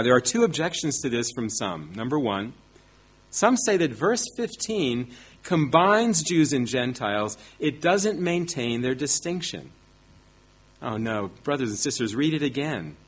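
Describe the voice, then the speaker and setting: A man's voice: medium pitch, breathy edge. A man preaching a sermon, teaching emphatically with rhetorical questions and self-deprecating asides.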